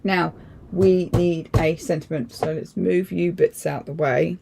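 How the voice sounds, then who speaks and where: A woman's voice: fairly low pitch, steady tone, unhurried, creaky, background noise. A woman hosting a casual crafting livestream, rambling and thinking aloud in a chatty, self-deprecating way.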